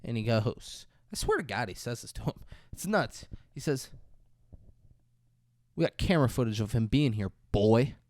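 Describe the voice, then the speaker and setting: A man's voice: medium pitch, animated, normal speed, a little mellow, no room sound. A man co-hosting a podcast, retelling a movie's scenes in a casual, profane way and acting out the characters' lines. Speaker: podcast co-host. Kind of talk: casual movie review chat.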